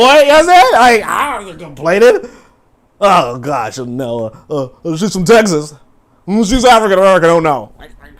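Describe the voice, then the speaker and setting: A man hosts a loose livestream, reacting to a video and his chat. His voice sits a bit high for a man. He talks in animated, profane bursts full of fillers and laughing asides. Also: normal speed. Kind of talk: casual livestream commentary.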